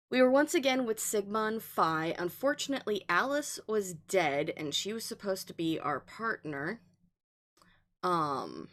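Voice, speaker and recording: A woman hosting a livestream, casually recapping the story so far with lots of ums and laughs. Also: lowish voice. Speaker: stream host recapping a game. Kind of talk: casual let's play chat.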